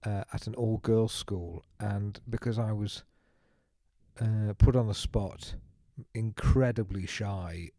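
A man's voice: on the low side, slow pace, warm tone, no echo. A man co-hosting a podcast, chatting casually with dry, jokey humour. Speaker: podcast co-host. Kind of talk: casual chat.

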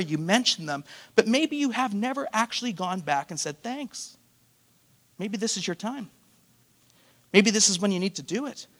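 A man's voice: sits high, a bit bright. A man preaching a sermon as pastor, asking his congregation rhetorical questions and throwing in playful asides. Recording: long hall reverb.

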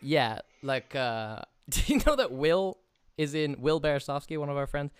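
A young man chatting casually with a friend, relaxed, laughing often and swearing freely. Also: on the high side, moderate pace, clean tone, no room sound, studio quality. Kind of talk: casual chat.

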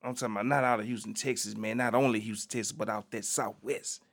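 A man's voice: lowish voice, fairly even intonation, fast. Laid-back, slangy male podcast host. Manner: laid-back and slangy, peppers talk with "man". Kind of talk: casual solo podcast talk.

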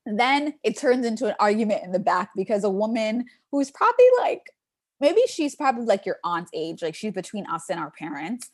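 Young woman podcast cohost, chatty and animated, does the voices in her stories. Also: medium pitch, brisk, no echo, clean studio sound. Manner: animated storytelling, acts out quotes. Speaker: podcast co-host. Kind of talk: casual chat.

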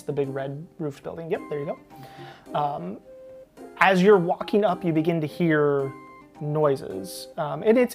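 Woman game master, low voice, relaxed, halting delivery. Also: creaky. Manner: relaxed, hesitant with fillers. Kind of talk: narrating a tabletop game.

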